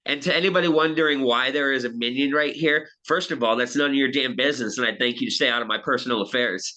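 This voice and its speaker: A man's voice: mid-range voice, fast talker, bright, forceful tone. A man co-hosting a casual podcast in a joking, profane way. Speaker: podcast co-host. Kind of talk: casual chat.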